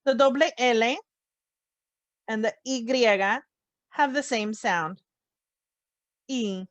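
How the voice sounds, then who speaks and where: A woman teaching a phonics lesson, slowly spelling out letter sounds with clear, deliberate enunciation. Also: a little high, no echo. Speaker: Spanish teacher. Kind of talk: slow, careful phonics lesson.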